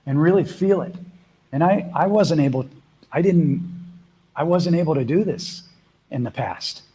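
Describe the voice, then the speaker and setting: A man hosting a live spiritual coaching call, speaking earnestly and stretching words out slowly for emphasis. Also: on the high side, husky, rough recording. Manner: drops to a soft hush when speaking affirmations. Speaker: host and spiritual mentor.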